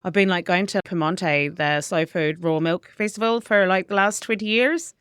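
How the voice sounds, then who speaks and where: A middle-aged woman with a New Zealand accent, a chef chatting casually as an interview guest, lively and full of quoted asides. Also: fairly low pitch, moderate pace, clean tone, no room sound, clean studio sound.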